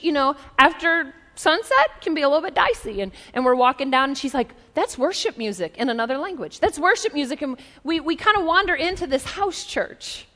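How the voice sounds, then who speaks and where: A woman in her forties preaching a sermon, telling a story in a conversational, lively way with asides. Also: high-pitched. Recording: long reverb of a large hall.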